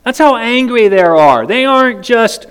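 A man's voice: very high voice, lively intonation, unhurried, a bit bright, clear, resonant tone, big-room sound. A man preaching a sermon, dramatic and questioning the congregation directly. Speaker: pastor.

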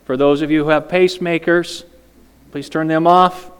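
A high, clear male voice preaching slowly and dramatically, throwing questions out to the congregation. The sound rings with a long church-hall reverb. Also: fairly even intonation. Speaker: pastor. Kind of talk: sermon.

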